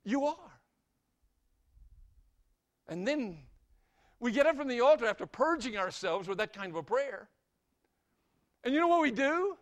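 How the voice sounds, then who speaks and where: Older male evangelist, high pitch, dramatic sermon delivery with rhetorical questions. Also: sing-song, normal speed, long pauses. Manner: swings from loud emphasis to soft, low asides. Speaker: evangelist preacher.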